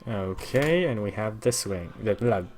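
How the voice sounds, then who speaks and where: A man improvising a story aloud during a tabletop game, narrating slowly and haltingly. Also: lowish voice, lively intonation, darkish tone, slight background noise. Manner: slow, halting narration with restarts.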